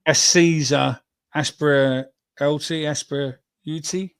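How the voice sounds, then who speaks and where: A man's voice: fairly high pitch, steady tone, a little slow, clean tone, no room sound. A man hosting a football podcast, joking crudely and calling everyone "mate". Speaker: podcast host. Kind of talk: casual banter reading out names.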